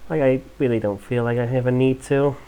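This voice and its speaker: A woman's voice: a bass voice, fairly quick, warm tone, slight background noise. A woman, sick and congested, casually playing a video game and reading her dialogue choices aloud. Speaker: gaming video host. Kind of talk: casual let's-play commentary.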